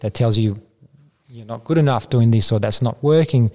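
A man's voice: mid-range voice, normal speed, dark tone. A man from Italy with an Italian accent, a martial arts guest on a podcast, speaking in a hesitant, plain-spoken way. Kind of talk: casual podcast interview.

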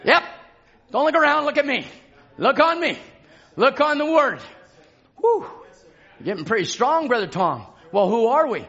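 A man preaching a fervent sermon in a church, shouting and calling out to the congregation. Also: extremely high pitch, sing-song, normal speed, long pauses, lo-fi sound. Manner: shouting, call-and-response exhortation. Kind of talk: fervent Pentecostal-style sermon. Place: church sanctuary.

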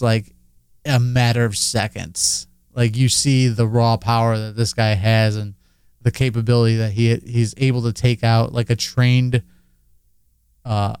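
A man co-hosting a casual chat show, talking in an animated, rambling way with lots of fillers. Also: mid-range voice, clean tone, no room sound, clean studio sound. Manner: animated, filler-heavy, laughs often. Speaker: podcast co-host.

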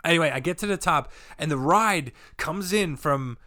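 Lively high-pitched man telling a story. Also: normal speed. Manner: animated, profane, acts out shouts. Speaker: comedian guest. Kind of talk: storytelling chat.

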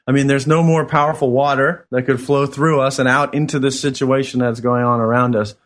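A man's voice: mid-range voice, fairly even intonation, fairly quick. A man co-hosting a spiritual talk show, telling a long story with lots of affirming yeses. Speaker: co-host.

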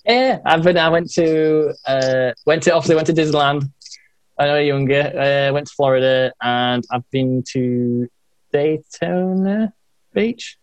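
A man's voice: mid-range voice, fairly even intonation, moderate pace, smooth, dry recording. A young man from Yorkshire with a northern English accent, chatting casually and hesitantly, full of fillers and small laughs. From England, Yorkshire. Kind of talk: casual chat.

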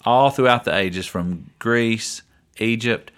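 A man's voice: mid-range voice, slow pace, fairly bright tone, clear, resonant tone. A man co-hosting a casual podcast, chatty and leading the talk, often calling his co-host by name. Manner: chatty, keeps saying his co-host's name.

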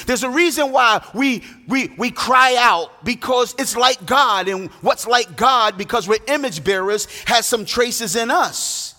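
A man's voice: very high voice, animated, measured pace, few pauses, sharp tone, soft background music. A man preaching a sermon as pastor, emphatic and half-singing his phrases, recorded in a large church hall. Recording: long hall reverb.

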